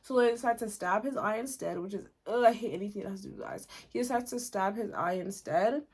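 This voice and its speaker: A woman recapping a story in a casual, chatty way, full of "like" and little giggles, with quick asides. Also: medium pitch, lively intonation, a little mellow, breathy edge. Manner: chatty and giggly, heavy use of "like". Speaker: video host recapping a musical. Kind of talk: casual chat.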